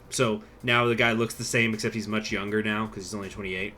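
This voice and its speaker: A man's voice: lowish voice, steady tone, brisk, few pauses, pushed and bright, a little hiss or hum. A man hosting a strategy game let's-play, chatting casually and rambling through asides while reading event text aloud. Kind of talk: casual gameplay commentary.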